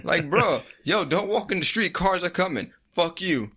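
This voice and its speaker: A man's voice: high voice, animated, normal speed, bright, forceful tone, breathy edge. A man co-hosting a podcast, talking in blunt, profane, slangy casual chat. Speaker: podcast co-host.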